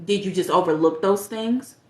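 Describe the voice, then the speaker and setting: A woman's voice: lowish voice, moderate pace, mellow, roomy sound. A woman life coach with a St. gives direct dating advice, talking straight to the viewer with pointed questions. She sounds a little stuffy from allergies. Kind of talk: casual advice monologue.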